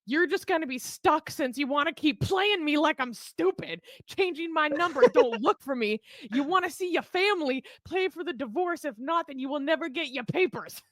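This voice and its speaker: A scornful young woman fires off threats and demands in a taunting tone, as a woman reads her messages aloud. The voice sits fairly high and sounds close and dry, with no room around it. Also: lively intonation, normal speed, few pauses, fairly bright tone, no room sound. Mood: spiteful. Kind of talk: reading text messages aloud.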